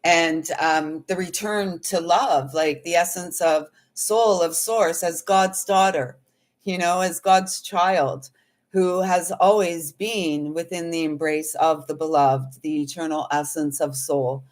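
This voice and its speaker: A woman's voice: fairly low pitch, steady tone, takes it slowly. A woman who works as an intuitive healer, telling a spiritual story in a casual, meandering and earnest way. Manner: meandering, earnest, speaks of feelings.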